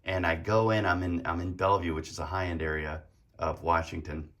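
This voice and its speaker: A man with a deep, low voice tells a story in a relaxed, rambling way, full of fillers and easy laughs. He talks casually to his viewers as a hobby vlogger. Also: fairly quick. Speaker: card collecting vlogger.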